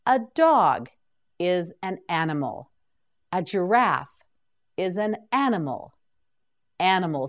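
A woman teaching English vocabulary in a slow, scripted lesson, saying each word clearly and prompting the listener to repeat it. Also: lowish voice. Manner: clear, deliberate drilling with repetition prompts.

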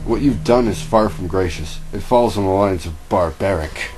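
Furious captive heroine, man voicing her, shrill and indignant, low voice pushed up. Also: normal speed, music in the background, lightly acted, rough recording. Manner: indignant, raised falsetto-ish delivery. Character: defiant captive woman bounty hunter, furious.

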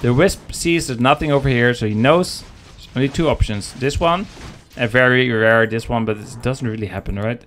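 A man's voice: medium pitch, normal speed, hardly any pauses, fairly bright tone, a little hiss or hum. Joking, chatty male game caster. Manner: joking, chatty, talks to the chat. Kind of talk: live esports commentary.

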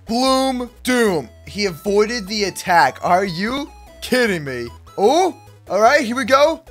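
A man's voice: high-pitched, very animated, slow, soft background music. Hyped young man narrating gameplay. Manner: hyped, shouty, laughs often, addresses "ladies and gentlemen". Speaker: gaming YouTuber. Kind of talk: excited gameplay commentary.

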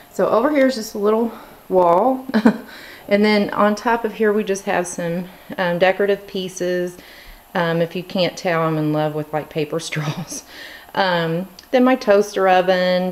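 A woman in her thirties giving a casual tour of her home kitchen, chatty with lots of ums and likes, a little out of breath, filming as she walks around. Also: on the low side. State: slightly out of breath. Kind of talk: casual walkthrough narration.

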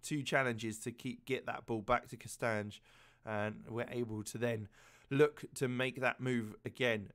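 A man giving casual, excitable play-by-play commentary over a video game match, chatty and quick to laugh. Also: mid-range voice. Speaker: gaming commentator.

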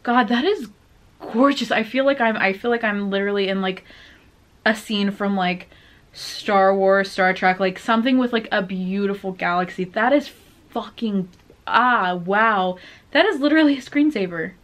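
A woman's voice: medium pitch, moderate pace. A woman hosting a reaction video, talking casually and gushing with lots of exclamations. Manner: excitable, gushing, full of exclamations and "like". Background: the reacted-to music video playing faintly.

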